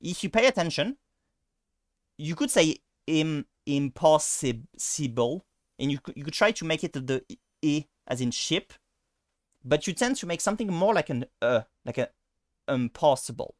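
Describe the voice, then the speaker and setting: A man's voice: on the high side, lively intonation, moderate pace, dry recording, clean studio sound. A man with a French accent and French as his first language, giving a casual pronunciation lesson with many fillers and restarts. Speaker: language teacher.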